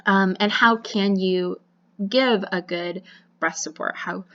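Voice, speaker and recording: Young woman teaching online, lots of ums and restarts, a bit of vocal fry, kinda muffled recording. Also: medium pitch, fairly even intonation, slow, a bit bright. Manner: casual, chatty, many fillers and self-corrections. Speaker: college voice and diction instructor.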